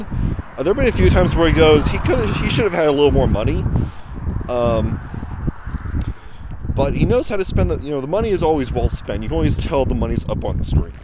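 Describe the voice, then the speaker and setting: A man's voice: fairly high pitch, very noisy. A man giving a casual, rambling spoken review outdoors beside a road, full of fillers and restarts. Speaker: film reviewer. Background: passing vehicles.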